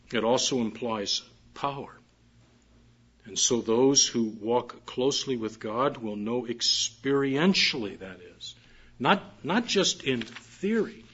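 A man's voice: mid-range voice, fairly bright tone, slightly rough. A man preaching a morning sermon, reading scripture aloud and repeating key phrases with emphasis. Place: church service. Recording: muffled dull recording.

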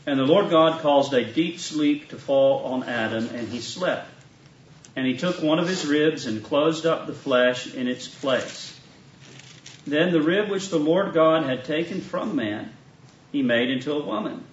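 Southern pastor preaching from far off. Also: male voice, mid-range voice, slight background noise. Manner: measured, reads scripture aloud then preaches. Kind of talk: sermon. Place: church retreat meeting room. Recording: echoey, distant, dull live church recording.

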